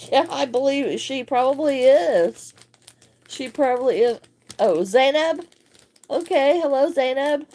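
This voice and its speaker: A woman's voice: sits high, animated, slow pace, warm tone. A woman hosting a casual crochet livestream, chatting and greeting viewers by name with frequent laughs.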